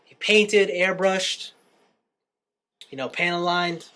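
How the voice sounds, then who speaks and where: A man's voice: sits high, slow. A young man co-hosting a podcast, casually recapping a film and acting out the characters' lines. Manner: animated storyteller, acts out quotes. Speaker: podcast co-host.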